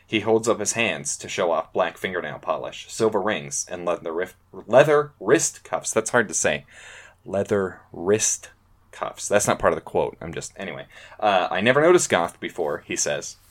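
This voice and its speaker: A man's voice: deep voice, lively intonation, fairly quick, fairly bright tone. A man in his thirties hosting a casual podcast chat, laid-back and often trailing off with fillers. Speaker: podcast host.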